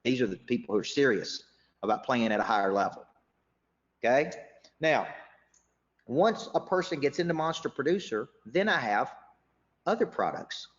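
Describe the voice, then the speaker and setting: Male business coach, fast sales pitch in a big room, echoey and muffled. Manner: energetic sales pitch, rising when excited. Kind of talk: live seminar talk. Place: large event room. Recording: dull reverberant hall recording.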